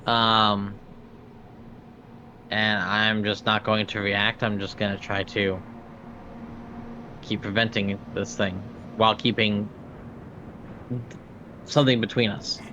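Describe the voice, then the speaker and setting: A man playing a tabletop game, deliberately explaining what his character does. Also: lowish voice, little pitch movement, background noise. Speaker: player. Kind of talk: casual tabletop play. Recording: dull lo-fi audio.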